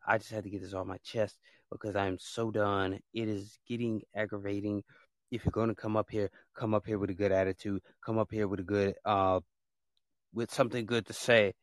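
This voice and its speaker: A man's voice: fairly low pitch, little pitch movement, fairly quick, no room sound. Fed-up man ranting, dry close sound. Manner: fed-up, blunt, repeats himself; casual slangy speech. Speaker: podcast host. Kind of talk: ranting monologue.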